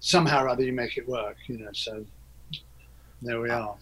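A man's voice: medium pitch, fairly even intonation, fairly quick, a bit bright, slight background noise, rough recording. A man, a guest in a casual interview, talking in a rambling, hesitant way with many fillers and restarts. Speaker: interview guest, record producer.

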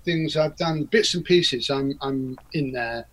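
A man's voice: medium pitch, slow pace, a bit bright, rough recording. A man, a guest in a casual interview, talking in a rambling, hesitant way with many fillers and restarts. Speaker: interview guest, record producer.

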